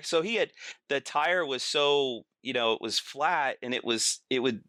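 A man's voice: medium pitch, a little slow, pushed and bright, clear, resonant tone, no echo, clean studio sound. A man guesting on a podcast, telling stories casually, acting out quotes and laughing through them. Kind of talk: casual storytelling.

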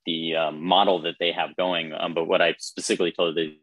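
A man's voice: deep voice, flat delivery, a little fast, a bit bright, no echo. A man chatting casually and earnestly, rambling a little with many fillers. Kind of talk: casual chat.

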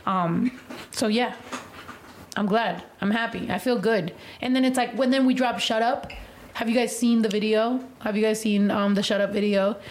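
A woman hosting a casual livestream chat, telling animated stories full of "like". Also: mid-range voice, normal speed. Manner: animated storytelling, heavy use of "like". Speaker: livestream host.

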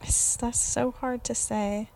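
A woman's voice: on the high side, little pitch movement, slow, creaky, warm tone. A woman in casual podcast chat, a guest who is the host's partner, hesitant and teasing, laughing often.

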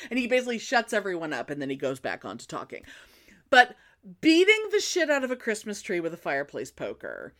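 A woman retelling a film in casual chat, animated and rambling, often restarting her sentences. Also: medium pitch, a little fast.

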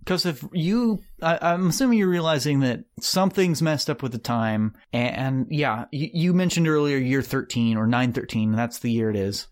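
A man runs a tabletop game, describing events and options in an easygoing way. His pitch is middling and he often stumbles and restarts mid-sentence. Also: darkish tone. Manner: halting, many restarts and fillers. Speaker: game master.

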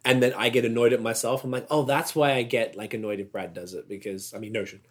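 A man's voice: mid-range voice, steady tone, fast. A young man hosting a casual chat, rambling, swearing freely and laughing often. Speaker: podcast host.

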